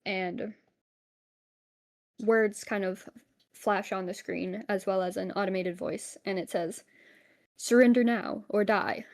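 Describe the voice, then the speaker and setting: A woman narrating as game master of a tabletop game, in a relaxed way with frequent fillers. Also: medium pitch, slow, creaky, long pauses.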